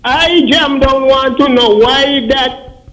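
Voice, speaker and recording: Kittitian guy calling the radio, pushy questions, really high voice. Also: slow pace, fairly bright tone, poor audio. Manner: insistent, pointed questions. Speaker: radio caller. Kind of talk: call-in radio complaint.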